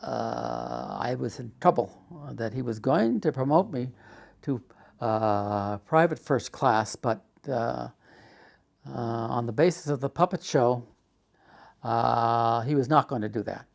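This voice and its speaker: An older man casually telling a memoir story, unhurried with frequent "uh" fillers. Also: medium pitch, gravelly. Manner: unhurried storytelling, many "uh" fillers, acts out quoted dialogue. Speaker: storyteller recounting his life.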